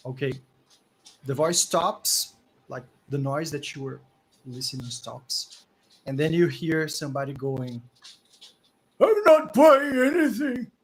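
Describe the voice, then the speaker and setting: A man narrating as game master of a tabletop game, slow and deliberate, with a lot of "like" in his phrasing. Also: medium pitch, steady tone, a bit bright, a little hiss or hum, poor audio.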